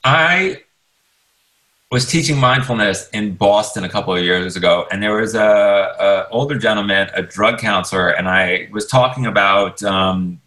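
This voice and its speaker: A man's voice: on the low side, moderate pace, bright, forceful tone, rough recording. A man, an author, talking as a radio interview guest in a reflective, rambling way with many restarts. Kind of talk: casual interview talk. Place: radio studio.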